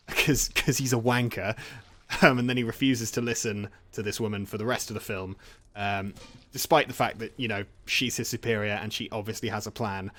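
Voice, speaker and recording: A man's voice: fairly low pitch, steady tone, brisk, fairly bright tone. A man casually retelling film plots from memory while playing a game. He rambles, jokes and laughs often. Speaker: gaming channel host.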